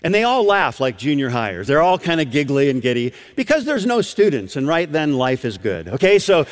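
Man, preacher, sermon, high voice, emphatic storytelling, repeats words. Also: big pitch swings, normal speed, big-room sound.

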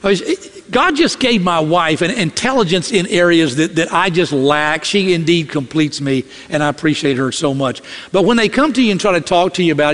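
High-voiced preacher in a reverberant hall. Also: male voice, a little fast. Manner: animated preaching, acting out quoted voices. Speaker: pastor. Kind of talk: sermon. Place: church sanctuary. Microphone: podium or stage mic.

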